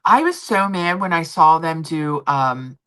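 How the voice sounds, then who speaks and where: A woman's voice: deep voice, animated, a little slow, fairly bright tone, smooth. A middle-aged woman hosting a livestream, chatting casually and with strong opinions, full of fillers and restarts. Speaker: livestream host. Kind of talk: casual chat about royal gossip.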